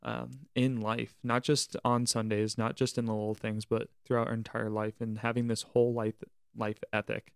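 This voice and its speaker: A man's voice: mid-range voice, completely flat delivery, normal speed, creaky, few pauses, clean tone, no room sound, studio quality. A young man co-hosting a podcast, talking earnestly about camp staff, leading by example and faith in everyday life. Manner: earnest, preachy, uses church wording. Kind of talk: casual reflective podcast chat.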